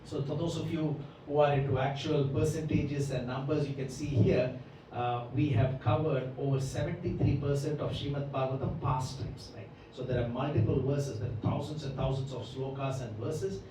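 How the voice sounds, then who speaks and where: A Bhagavatam class lecturer talks at a moderate pace in a mellow, steady, medium-pitched voice, giving a lengthy explanation of scripture and checking in with "right?" often. A little hiss or hum comes through, and the mic is distant in an echoey hall.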